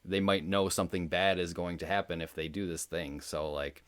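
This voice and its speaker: Deep-voiced man chatting casually. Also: moderate pace, clean tone. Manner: relaxed, rambling, many fillers. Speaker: podcast co-host. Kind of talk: casual movie discussion.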